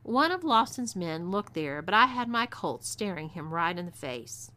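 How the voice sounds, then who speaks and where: Woman as a commanding outlaw gunslinger woman, Texan drawl, bright, self-assured. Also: on the low side, sing-song, normal speed. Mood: cocky. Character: bold female outlaw gunslinger, cocky and commanding.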